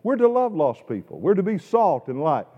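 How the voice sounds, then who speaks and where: Man, pastor preaching a sermon, lively rise and fall, emphatic, echoey church hall, dull lo-fi recording. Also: sits high, moderate pace, husky. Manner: emphatic, swings between loud stress and quiet asides; repeats words while restarting. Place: church sanctuary.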